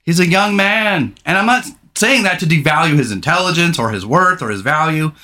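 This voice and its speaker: Bright, rambling middle-aged male podcast host. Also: a little high, lively intonation, a little fast. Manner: rambling, candid and profane. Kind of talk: casual podcast chat.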